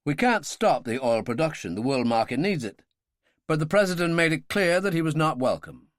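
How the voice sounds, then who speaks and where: A man's voice: fairly high pitch, sing-song, moderate pace, no room sound, clean studio sound. A man voicing an earnest male official giving a briefing in an explanatory way.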